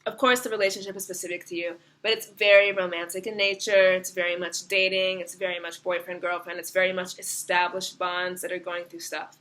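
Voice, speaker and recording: A young woman talks through a tarot reading in a chatty, unfiltered style, cursing freely and laughing along the way. Her voice is bright and forward. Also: lowish voice, brisk, few pauses. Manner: animated, swears freely, laughs often. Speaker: tarot reader.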